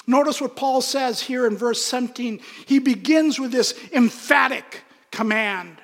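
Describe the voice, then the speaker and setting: A pastor preaching an earnest, emphatic sermon in a church. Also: male voice, very high-pitched, a little slow, gravelly, fairly bright tone. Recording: long hall reverb.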